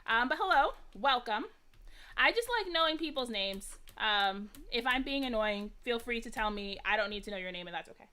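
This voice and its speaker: A young American woman hosts a live crafting stream, chatting casually and laughing at herself as she works and greeting viewers by name. Her voice is on the high side, pushed, bright, and smooth, with lively intonation at a moderate pace.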